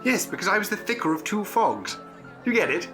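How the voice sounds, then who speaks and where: An actor playing an eccentric, jolly English gentleman adventurer in a comic radio play, plummy and prone to chuckling. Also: sits high, big pitch swings, a little fast, over music. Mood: playful.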